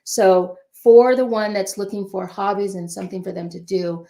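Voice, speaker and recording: An older woman giving parenting advice in a casual chat, telling animated stories and acting out the dialogue. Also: mid-range voice, moderate pace, vocal fry. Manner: animated storyteller who acts out quoted dialogue. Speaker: parenting guest. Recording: roomy echo.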